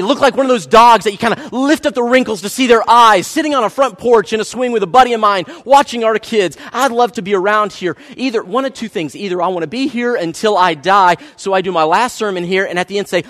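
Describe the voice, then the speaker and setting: Man, pastor, high voice, earnest pleading sermon, echoing sanctuary. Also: fairly quick, hardly any pauses. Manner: earnest, pleading, drops to a hush at the close. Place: large church sanctuary. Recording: reverberant church hall.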